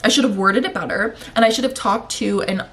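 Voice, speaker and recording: A woman's voice: mid-range voice, a little fast, fairly bright tone. A young woman vlogger talking casually to camera, out of breath and sore-throated, rambling, swearing and getting worked up. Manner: rambling, profane, emotional.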